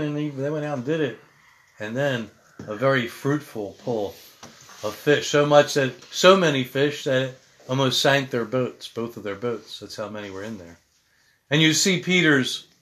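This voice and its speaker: A man's voice: mid-range voice, fairly bright tone. A male pastor who reads a Bible passage aloud and then preaches about it in an earnest, conversational way. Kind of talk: sermon.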